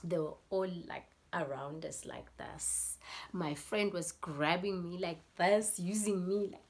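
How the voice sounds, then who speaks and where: A woman's voice: lowish voice, steady tone, unhurried. A South African woman telling a story in a casual vlog, rambling with many fillers and acting out scenes. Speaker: YouTuber.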